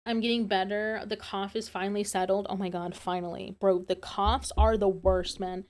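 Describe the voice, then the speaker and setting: A woman streaming a story game, chatting casually and gushing with animated, casual swearing. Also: mid-range voice, brisk, hardly any pauses. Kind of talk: casual live-stream chat.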